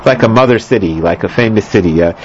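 A Bible teacher speaks fast in a fairly low voice while lecturing on scripture. He rambles, full of fillers, restarts, and joking remarks; the dull lo-fi recording has a bit of hiss or hum.

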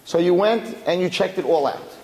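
A man speaking as a rabbi, telling a story in a lively way and acting out the people in it. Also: high-pitched, normal speed. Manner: animated, acts out the dialogue of the story. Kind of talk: storytelling talk. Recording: echoey hall.

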